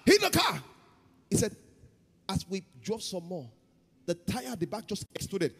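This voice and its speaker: Husky-voiced pastor preaching. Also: male voice, sits high, expressive, normal speed, in a large hall. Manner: swings from loud chanted prayer to quiet storytelling. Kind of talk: sermon. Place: church hall.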